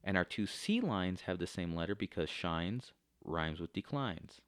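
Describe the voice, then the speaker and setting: A male teacher giving a recorded lecture, explaining step by step and often pausing with fillers. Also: deep voice, lively intonation, no room sound, clean studio sound.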